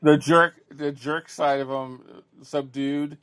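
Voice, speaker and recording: A man's voice: a little high, little pitch movement, slow, a bit bright, smooth. Joking middle-aged man, stammering restarts. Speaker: podcast co-host. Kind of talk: casual chat.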